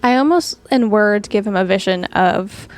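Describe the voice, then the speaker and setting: A woman's voice: medium pitch, moderate pace. A woman playing a tabletop role-playing game, answering in eager short bursts. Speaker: player. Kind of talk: tabletop game play, casual chat.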